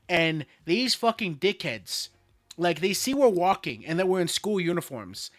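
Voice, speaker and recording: A young man co-hosting a casual podcast, telling stories with lively, profane energy. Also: sits high, no room sound, clean studio sound. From Florida, USA. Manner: animated storyteller, swears freely. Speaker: co-host.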